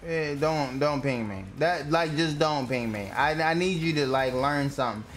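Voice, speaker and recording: A man's voice: fairly high pitch, normal speed, fairly bright tone, faint music behind. A young man streaming a game live, ranting at his teammates in an irritated, profane way. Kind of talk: live gameplay commentary.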